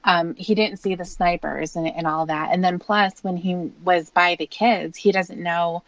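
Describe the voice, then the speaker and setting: A woman reads a book aloud in a steady, plain way for a podcast. Her voice is low. The sound is dry and slightly dull. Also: measured pace, no room sound. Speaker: co-host reading the book. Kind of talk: reading aloud and casual chat.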